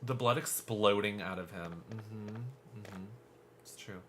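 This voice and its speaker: A man's voice: on the low side, slow, fairly bright tone, slight background noise. A man streaming a horror game live, chatting in a gushing, campy way as he plays. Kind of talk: live gameplay commentary. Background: game music.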